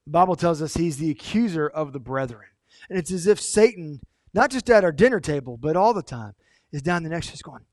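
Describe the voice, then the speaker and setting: A pastor delivers a sermon with lively, dramatic storytelling. His voice sits high for a man. The recording is dry and close, with no room echo. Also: brisk. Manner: animated and emphatic, dramatic storytelling.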